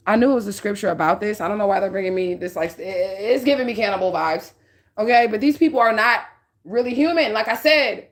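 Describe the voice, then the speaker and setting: Woman doing a psychic reading, cussing a lot, blunt and chatty, keeps going "okay?". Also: mid-range voice. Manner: profane, blunt, street-talking, repeats "okay?". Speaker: psychic reader. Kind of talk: casual spiritual reading monologue.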